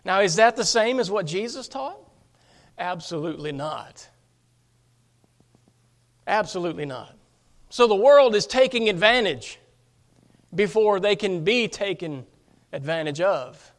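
A man's voice: high voice, a little slow. A man preaching a sermon as pastor, emphatic, often asking his congregation rhetorical questions.

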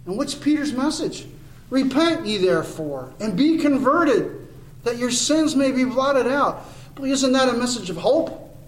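High-pitched guy preaching in church, earnest, gets emphatic, roomy echo. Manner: earnest, rising to emphatic declarations. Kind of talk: expository sermon.

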